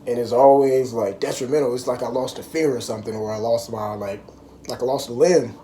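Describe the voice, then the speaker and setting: Young male vlogger, mellow tone, rambling chatty delivery, faint noise behind. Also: mid-range voice, steady tone, a little fast. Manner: rambling, many "like" and "um" fillers. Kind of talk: casual chat.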